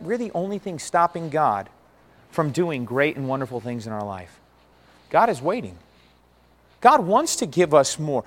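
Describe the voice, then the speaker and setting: A man preaching a sermon, earnest, with big swings between loud and quiet. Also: mid-range voice. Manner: earnest, rises and falls dramatically. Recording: long hall reverb.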